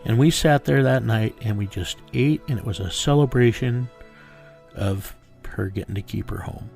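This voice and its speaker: A bounty hunter from America gives a storytelling interview, recounting a tense story bluntly with curse words and acting out others' quoted dialogue. He speaks in a lowish, gravelly voice with a darkish tone.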